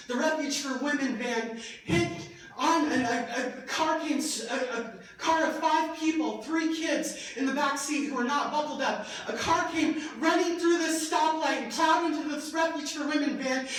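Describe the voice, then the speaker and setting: A young adult woman giving a keynote talk, telling her story with passion and animated, laughing asides. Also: sits high. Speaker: keynote speaker. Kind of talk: emotional testimonial speech. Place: large event hall. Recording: echoey hall, voice from far off.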